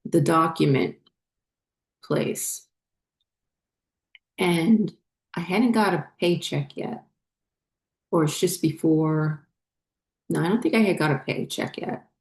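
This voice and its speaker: A spiritual vlogger, a woman with a low, darkish voice, tells a personal story. Her telling is rambling and halting, full of fillers and restarts.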